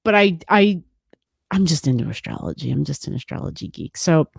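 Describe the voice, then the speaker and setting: A woman astrologer talks loosely at home, circling back to repeat her points and laughing along the way. Her voice sits low, and the desk microphone picks it up close and dry with no room sound. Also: expressive, fairly quick, vocal fry, slightly rough, no room sound. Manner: rambling, repeats phrases, laughs often. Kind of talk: casual chat about astrology.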